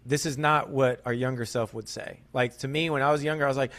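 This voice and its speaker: A man's voice: mid-range voice, fairly even intonation, fast, hardly any pauses, fairly bright tone. A man hosting a podcast, chatting casually with eager agreement and joking asides. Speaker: podcast host. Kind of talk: casual interview chat.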